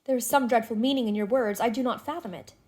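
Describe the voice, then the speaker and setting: A woman's voice: on the high side, fast talker, a little mellow, lightly acted. A woman voicing a frightened, protective widowed mother who speaks tensely and defiantly.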